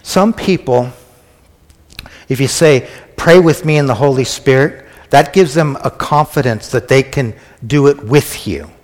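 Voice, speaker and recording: A man's voice: mid-range voice, a little slow, darkish tone. A man preaching a conversational sermon who often asks the congregation questions. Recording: echoey hall.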